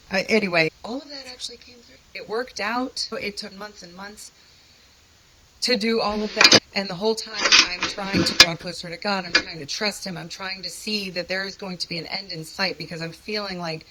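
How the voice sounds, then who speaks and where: A woman's voice: mid-range voice, pushed and bright, a little hiss or hum, rough recording. A woman telling her own story of a hard time in an earnest, conversational, self-deprecating way. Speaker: guest sharing a personal testimony. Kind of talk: candid personal storytelling.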